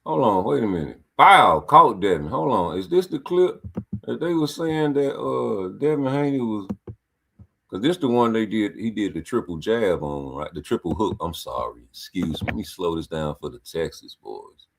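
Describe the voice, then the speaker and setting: A man with a deep, low voice breaks down a boxing fight in casual commentary. He talks in blunt, profane street slang and calls back at the fighters as the clip plays. His delivery is animated throughout. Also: normal speed, vocal fry.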